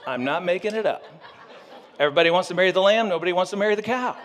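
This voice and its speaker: A pastor telling a story in a humorous sermon, animated and joking with his audience. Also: sits high, racing, in a large hall.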